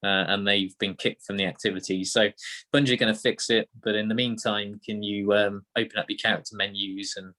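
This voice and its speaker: A man's voice: fairly low pitch, steady tone, fairly quick, pushed and bright. A man with a British accent co-hosting a podcast, chatting casually with many ums and uhs. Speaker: podcast co-host. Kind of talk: casual chat.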